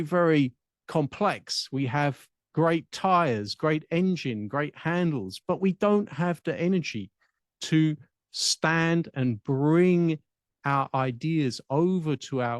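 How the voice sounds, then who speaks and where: English-accented male coach, unhurried reflective teaching tone with long pauses, dry intimate recording. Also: a little high, no room sound. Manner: measured, deliberate, with long pauses. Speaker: speech and public speaking coach.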